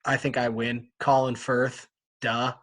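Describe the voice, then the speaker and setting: A man's voice: mid-range voice, level tone, a little slow, a bit bright. A man with a mid-range voice leading a casual book club chat. He talks in an easy, rambling way and laughs often as he steers the conversation. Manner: chatty, laughs often, leads the discussion. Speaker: podcast co-host.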